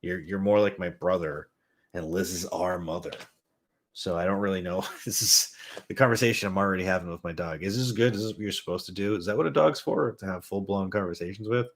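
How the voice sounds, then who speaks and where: A man's voice: deep voice, fairly quick. A man hosting a podcast, telling a rambling, self-mocking, profane story in a casual comedic way. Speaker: podcast host.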